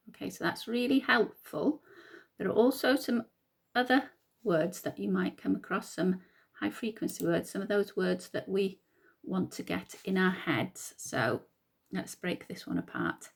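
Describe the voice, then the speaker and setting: Slow, patient woman teacher. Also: medium pitch, expressive, creaky, breathy edge. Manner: slow, patient, sounding out words. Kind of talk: reading a picture book aloud to young children.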